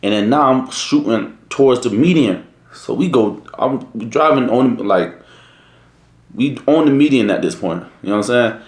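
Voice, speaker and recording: A young man in college tells a slangy, profane story in a casual, animated way. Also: mid-range voice, moderate pace, reverberant. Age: young adult.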